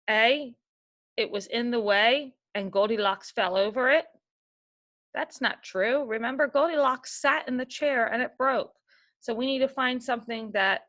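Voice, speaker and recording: A woman's voice: fairly high pitch, fairly bright tone, dull audio. A woman teacher giving a reading lesson, reading a story aloud and explaining it patiently with questions to the listener.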